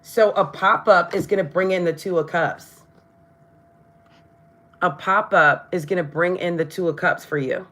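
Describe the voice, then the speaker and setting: A woman gives a live tarot reading, chatting with her viewers, addressing them directly, and often stumbling over her words. Her voice sits on the low side, unhurried and a bit bright.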